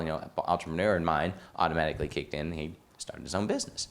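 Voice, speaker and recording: A man hosting a podcast, telling a story in a casual, rambling and animated way, laughing as he goes. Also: rumbling low, fast. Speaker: podcast host and real estate coach.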